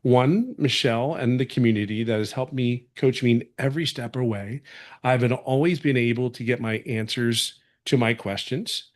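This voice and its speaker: A man's voice: mid-range voice, moderate pace, darkish tone. A man from California giving an earnest, rambling testimonial as a webinar guest, full of restarts.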